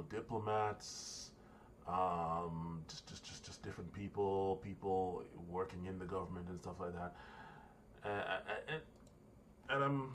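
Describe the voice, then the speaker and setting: A man's voice: deep voice, a bit bright, a little hiss or hum. An American man venting in a casual, profane political rant to camera, rambling and repeating himself. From United States. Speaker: vlogger.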